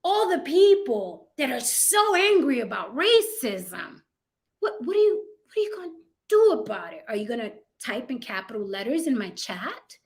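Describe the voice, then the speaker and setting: Woman livestream host, high voice, blunt and profane, casual opinion chat. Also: big pitch swings, normal speed. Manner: blunt, profane, mocking impressions. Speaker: channel host.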